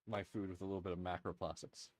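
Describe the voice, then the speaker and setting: A man's voice: low-pitched, level tone, fast talker, darkish tone, slight background noise. A tired man hosting a livestream, joking casually and swearing freely, with faint music behind him. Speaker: livestream host. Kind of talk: casual chat.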